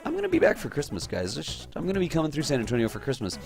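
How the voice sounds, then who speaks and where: A man from Texas hosting a livestream, excitedly thanking viewers and reading their names and places aloud from the chat. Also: on the high side, racing, gravelly, soft background music. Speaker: livestream host. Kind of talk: live-stream chat shout-outs.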